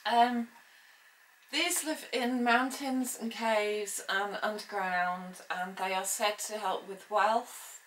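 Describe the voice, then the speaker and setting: A woman talks through a lesson slowly and deliberately, pausing on hesitant ums as she explains. Her voice sits at an ordinary middle pitch. The recording is roomy and echoey, with faint ambience behind her. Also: fairly bright tone, a little hiss or hum. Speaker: witchcraft teacher. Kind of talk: informal spoken lesson.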